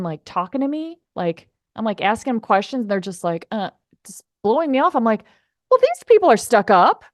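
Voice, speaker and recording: Woman, podcast host, casual storytelling, chatty, lots of fillers, middle pitch, dry studio sound. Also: dry recording. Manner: chatty, animated, many fillers.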